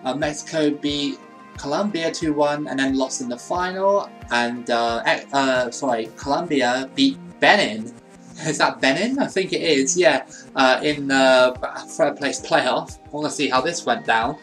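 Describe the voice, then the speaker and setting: A man's voice: mid-range voice, a little slow, fairly bright tone, soft background music, rough recording. A young man giving casual commentary on a football video game, swearing and ranting at the computer opponent. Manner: frustrated, swears, rants at the game. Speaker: gaming YouTuber.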